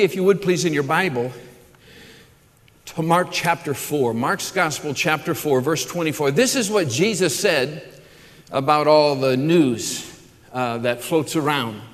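A man preaching a sermon as pastor, earnest, often restarting and repeating words as he builds lists. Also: on the high side. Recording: long hall reverb.

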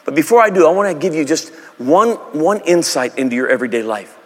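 A man's voice: fairly high pitch, expressive, fast, long reverb tail. A man preaching a sermon, telling a story with humor and acting out characters in silly voices. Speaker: pastor.

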